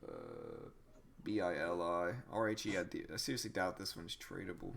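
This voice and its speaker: A man's voice: sits low, moderate pace, gravelly, background noise. A young man hosting a day-trading livestream, chatting casually with viewers, with frequent restarts. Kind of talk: casual live-stream chat.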